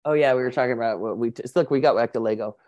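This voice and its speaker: A woman co-hosting a podcast in casual chat, telling stories in a lively, animated way. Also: extremely low pitch, rapid-fire, no echo, clean studio sound. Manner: chatty, animated storytelling with laughs. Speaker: podcast co-host.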